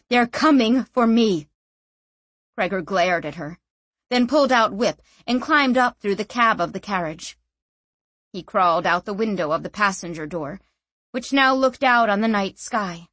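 Female audiobook narrator, steady even read, dry close studio sound. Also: medium pitch, breathy edge, no echo. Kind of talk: scripted fantasy audiobook narration.

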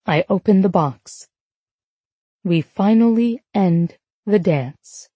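A woman narrating a novel in the first person, with a measured, emotive reading on a close microphone. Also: mid-range voice, lively intonation, mellow, slightly rough, dry recording. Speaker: audiobook narrator.

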